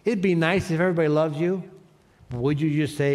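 A man's voice: on the high side, brisk, a little mellow. A man preaching a sermon as pastor, leading his congregation in call-and-response. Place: church sanctuary.

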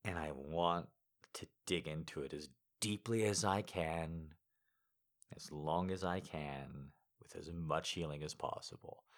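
A man chatting to his listeners in a rambling, heartfelt way, with halting restarts. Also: a bass voice. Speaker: audio creator. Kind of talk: casual chat to listeners.

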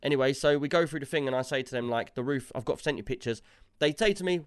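In a mid-range voice with a clean tone, a man talks quickly through a long tale in casual chat. His storytelling is animated, and he quotes the people he argued with as dialogue.

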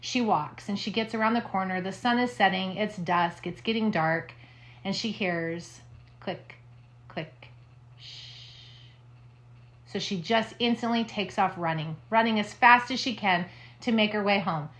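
Woman podcaster spinning a creepy campfire tale, hushes way down for the scary bits. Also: medium pitch, moderate pace. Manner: dramatic, drops to hushed tones for spooky parts. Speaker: podcast co-host. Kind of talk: casual chat and storytelling.

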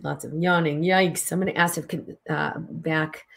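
Middle-aged lady coaching tapping live, animated and emphatic, bit low voice. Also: moderate pace, vocal fry. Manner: animated, emphatic, conversational with fillers. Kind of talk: live online teaching session.

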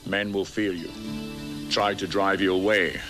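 A man's voice: sits low, steady tone, measured pace, over loud music. An actor playing an older immortal swordsman mentor with a Scottish accent, lofty and scornful. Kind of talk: film dialogue.

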